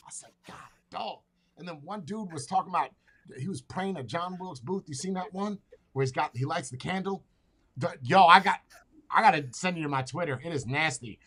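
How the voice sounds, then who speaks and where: A man hosting a podcast in casual chat, talking bluntly and excitably with plenty of swearing. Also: on the high side, fairly quick, breathy edge. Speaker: podcast host.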